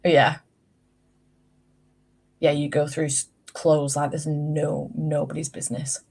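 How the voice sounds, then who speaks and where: Woman chatting away, lowish voice, swears a lot, tells funny stories. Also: flat delivery, slow, vocal fry, a little mellow, breathy edge. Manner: chatty storyteller, swears casually. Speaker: host. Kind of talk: casual chat.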